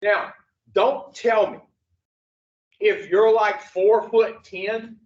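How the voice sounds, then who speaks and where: A man's voice: sits high, fairly even intonation, drawn-out words. Man, recovery counselor; blunt, profane group lecture full of rhetorical questions; distant, muffled, roomy recording. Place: echoey group room. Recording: distant, echoey, dull room recording.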